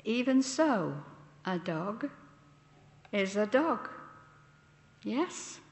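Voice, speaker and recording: Slow, deliberate woman preacher in an echoey hall. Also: medium pitch, big pitch swings, gravelly. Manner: slow, deliberate, posing questions to listeners. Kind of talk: sermon. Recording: echoey church hall with long reverb.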